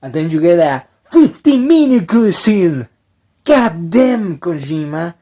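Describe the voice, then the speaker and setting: Slow, husky sarcastic commentator. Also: medium pitch, very animated, mellow. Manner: rambling, meme-laden, mock-dramatic. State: strained throat. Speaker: video commentator.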